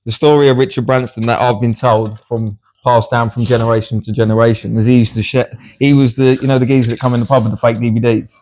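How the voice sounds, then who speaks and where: A man's voice: medium pitch, little pitch movement, fast talker, few pauses, a little mellow. A young man in casual podcast chat, laid-back and jokey, using slang.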